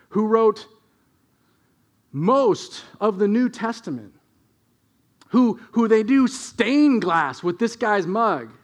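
A man preaching a sermon as a pastor, telling stories and moving between hushed asides and emphatic points. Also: high voice.

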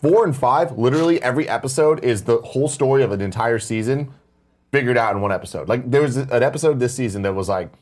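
A man's voice: mid-range voice, lively intonation, fast, darkish tone. Blunt, opinionated male co-host. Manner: opinionated and blunt, swears casually. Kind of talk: casual chat.

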